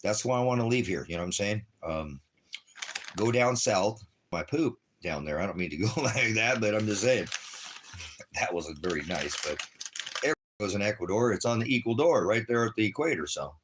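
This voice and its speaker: A man's voice: lowish voice, lively intonation, a little fast, noisy background. A man, talking casually and rambling to his viewers on a livestream. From Los Angeles, United States. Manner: rambling, chatty, talks straight to viewers. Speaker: ministry livestreamer.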